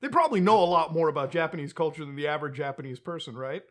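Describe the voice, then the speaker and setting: A man's voice: on the high side, racing. A man co-hosting a casual podcast chat, swearing often and laughing as he talks. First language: Hindi. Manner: animated, swears a lot, laughs while talking. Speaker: podcast co-host.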